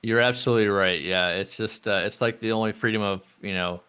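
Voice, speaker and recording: A man guesting on a casual podcast speaks with emphasis. His voice is low and bright. His tone is smooth and resonant. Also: steady tone, fairly quick.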